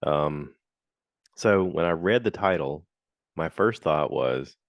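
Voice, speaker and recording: This solo podcast host takes it slowly, his voice expressive, with no room sound in the recording. He chats and rambles through reviews with many fillers, acting out quotes in high voices.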